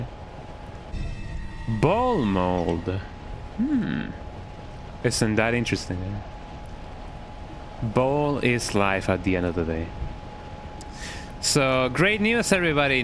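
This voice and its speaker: Male game streamer, casual and jokey, rambling chatter, mid-range voice, faint background noise. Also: mid-range voice. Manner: rambling, jokey, tags lines with "eh". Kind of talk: casual gameplay chat.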